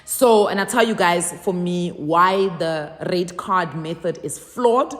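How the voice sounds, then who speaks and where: A South African woman talking to camera as a content creator, telling stories with lively swings and acting out both sides of phone calls. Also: lowish voice, slow, in a large hall. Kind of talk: casual vlog talk.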